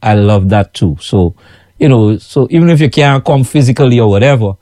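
A man's voice: mid-range voice, lively intonation, fairly quick, dark tone, no echo, clean studio sound. A man from Guyana with a Guyanese accent, a food vendor talking casually to his followers, chatty and repetitive, often asking "you know what I'm saying". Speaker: food vendor running his own kitchen business.

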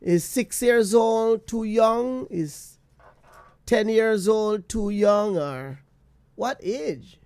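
A man hosting a call-in radio talk show, asking measured questions. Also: high voice, a little mellow, smooth, no room sound.

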